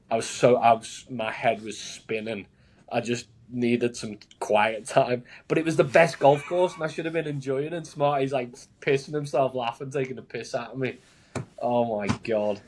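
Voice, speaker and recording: A man's voice: mid-range voice, steady tone, a little fast, darkish tone. A man, a caddie guest on a podcast, telling rambling anecdotes in casual chat, laughing often and filling his talk with "like".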